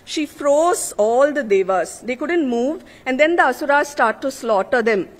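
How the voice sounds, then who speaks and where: A woman's voice: high-pitched, lively intonation, a little slow. A woman, an author giving an earnest, emphatic speech at a literary conference. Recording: long reverb of a large hall.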